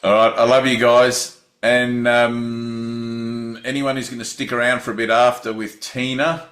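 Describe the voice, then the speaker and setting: A man leading a spiritual group session over a video call, speaking gently with short encouraging affirmations. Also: mid-range voice, little pitch movement, a little slow, roomy sound.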